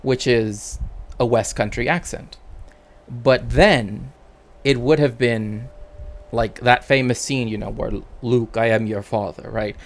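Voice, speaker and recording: A man's voice: medium pitch, slow pace. A man, a cultural historian, chatting casually on a live stream in a rambling way, often tagging his sentences with "right?".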